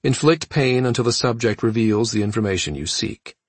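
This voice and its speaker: A man narrating a science fiction audiobook in a steady storytelling manner. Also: medium pitch, fairly quick, husky, dry recording. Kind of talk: scripted narration.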